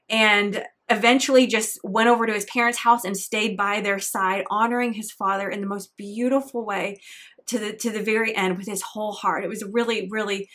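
In a mid-range, fairly bright voice, a middle-aged podcast host delivers a solo motivational monologue. Earnest and encouraging with a faith-tinged note, she talks about pressing on through hard times.

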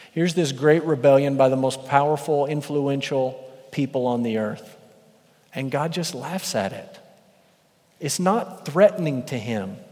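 A man preaching an expository sermon as pastor, animated and building to shouts for emphasis. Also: fairly high pitch. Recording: long reverb of a large hall.

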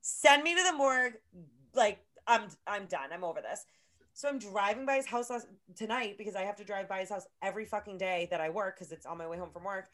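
A young woman co-hosting a podcast, telling a story in a loose, animated and profane way, full of filler words. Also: mid-range voice, fast talker. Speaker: podcast co-host. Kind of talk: casual chat, storytelling.

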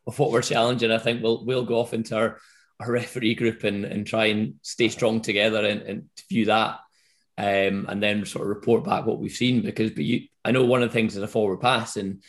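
A Scottish man, a rugby referee, answering interview questions in a relaxed, rambling way with frequent restarts. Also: lowish voice, a little fast. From Scotland.

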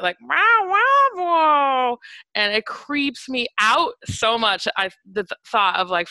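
A woman's voice: medium pitch, pushed and bright, no echo. A woman casually telling a personal story in a chatty, wry way with many fillers.

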